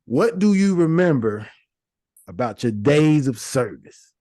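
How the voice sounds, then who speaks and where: A man hosting a podcast, asking relaxed questions in a casual interview. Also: on the high side, measured pace, no echo, clean studio sound. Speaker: podcast host.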